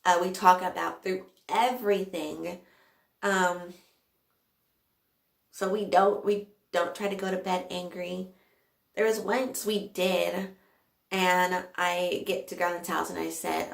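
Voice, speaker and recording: Young woman vlogger, slow and gravelly, emotional storyteller, echoey room. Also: on the low side, level tone. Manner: emotional, laughing and close to tears. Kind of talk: casual storytelling to camera.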